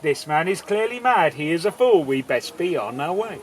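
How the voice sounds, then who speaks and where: A man's voice: a little high, big pitch swings, moderate pace, noisy background. A man telling a tale as a formal king's herald. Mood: lordly. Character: the king's herald, a haughty male messenger.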